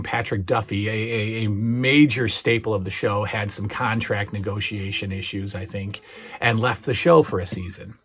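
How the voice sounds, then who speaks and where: On his own channel, a middle-aged host reminisces about memorable TV moments, casual and hesitant, with many fillers, restarts, and a little emotion. His voice is fairly low, fairly bright, and slightly rough. Recounting the scenes stirs him up emotionally.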